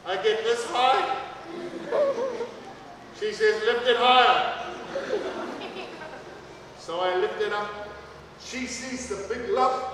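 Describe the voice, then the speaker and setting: High-voiced man telling a story in an echoey hall. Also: a little hiss or hum. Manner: dramatic, animated, builds to loud outbursts. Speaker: author and motivational speaker. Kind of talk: live storytelling to schoolchildren. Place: school hall. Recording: far-off echoey hall, faint ambience.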